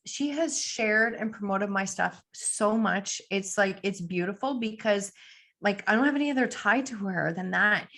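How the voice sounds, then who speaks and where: A woman's voice: mid-range voice, gravelly, fairly bright tone. A woman guest on a podcast, talking in an earnest, reflective way with frequent "like" fillers. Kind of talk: casual interview talk.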